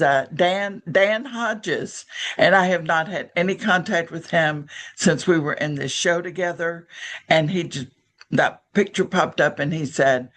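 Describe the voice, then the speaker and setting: A woman's voice: fairly low pitch, fairly bright tone. An older woman from the American South with a Southern accent, telling a personal story on a video call in a reflective, frank, wry way. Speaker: workshop participant.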